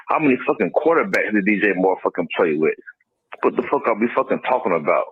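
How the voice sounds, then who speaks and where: A man's voice: fairly low pitch, lively intonation, quick pace, breathy edge, no room sound. A man calling into a podcast, ranting heatedly and swearing constantly. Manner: profane heated rant. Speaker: caller. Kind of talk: call-in rant. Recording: tinny phone line.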